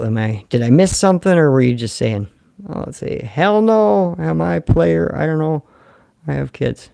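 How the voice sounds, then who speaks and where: A man's voice: mid-range voice, vocal fry, mellow. A man, hosting a rambling, joking livestream and reading chat comments aloud. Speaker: livestream host.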